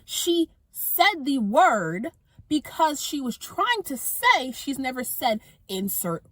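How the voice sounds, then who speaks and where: A young woman vlogging in a casual, exasperated rant, tossing in quick asides as she talks to her viewers. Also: high voice, big pitch swings, fairly bright tone, no echo. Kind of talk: casual ranting monologue to camera.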